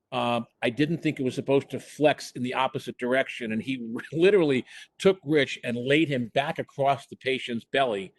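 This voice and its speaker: Older man, anecdotal storyteller, mid-pitched voice, dry close sound, video call. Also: dry recording. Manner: chatty anecdotal telling with laughs and restarts. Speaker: former emergency department chair and program director.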